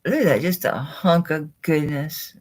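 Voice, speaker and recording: A woman running a live jewelry sale, chatting excitedly and talking to the pieces she pulls out. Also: low-pitched, measured pace. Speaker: online jewelry seller. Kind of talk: live-stream sales chat.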